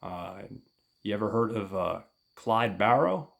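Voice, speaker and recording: A man's voice: fairly low pitch, lively intonation, unhurried, vocal fry, a bit bright, full character voice. A man voicing a straight-laced man in his fifties in a suit, who talks in a brash, boastful way.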